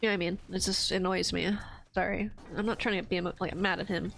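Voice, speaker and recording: A woman's voice: lowish voice, fairly even intonation, quick pace, vocal fry, a bit bright, slight background noise, poor audio. A young woman streamer venting in casual chat to her viewers, swearing often and stumbling over her words. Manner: ranting, frequent swearing and restarts.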